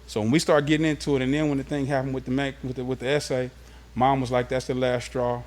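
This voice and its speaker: A man from Los Angeles sits as an interview guest and tells stories of his youth in a relaxed, streetwise way. His voice sits at an ordinary middle pitch. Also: fast talker. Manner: animated, streetwise storytelling. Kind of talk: casual storytelling interview.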